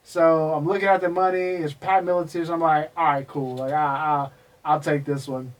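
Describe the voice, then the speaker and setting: Male guest, animated raconteur, curses freely, slightly high voice, recorded off-mic. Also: normal speed, distant mic, poor audio. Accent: Texan. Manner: animated, profane, acts out quoted people. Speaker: guest, MMA historian. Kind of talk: casual storytelling interview.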